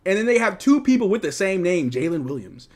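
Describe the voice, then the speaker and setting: A man hosting a live basketball watch-along, calling plays with excitement and chatting casually about the team. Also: high-pitched, a little fast. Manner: casual, excitable play-by-play mixed with candid fan opinions. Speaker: fan livestream host.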